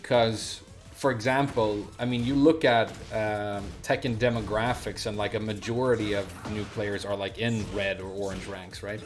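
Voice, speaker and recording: A man's voice: fairly low pitch, steady tone, moderate pace, faint music behind. A man streaming a fighting game, chatting casually with rambling asides and plenty of fillers. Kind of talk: casual gameplay commentary.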